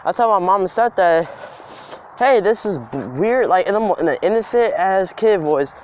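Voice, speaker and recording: Young guy with a high voice rambling through a story outside, faint traffic behind. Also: expressive, normal speed, darkish tone. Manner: casual, rambling, emphatic. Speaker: vlogger. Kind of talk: storytime vlog. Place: outdoors in the cold.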